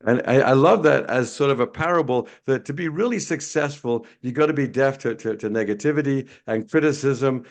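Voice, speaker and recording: A man with a gravelly, creaky voice talks through a sales webinar on a video call. He tells stories casually and stumbles over repeated words as he goes. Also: medium pitch. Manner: storytelling, repeats words when restarting. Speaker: webinar host, sales trainer.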